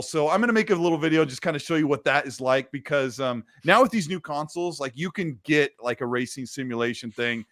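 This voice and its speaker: A man hosting a gaming stream in a loose, chatty way, his voice sitting a touch high for a man. The sound is dry and close on a desk mic, with no room around it. He reads viewer messages aloud between his own remarks. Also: a bit bright, no echo. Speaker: host. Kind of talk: casual livestream chat.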